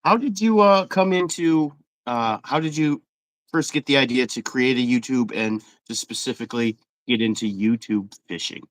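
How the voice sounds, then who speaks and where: A man's voice: mid-range voice, normal speed, dry recording. A man hosting a casual fishing interview, upbeat and loose with fillers. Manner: upbeat, reads stats with fillers. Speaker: interview host.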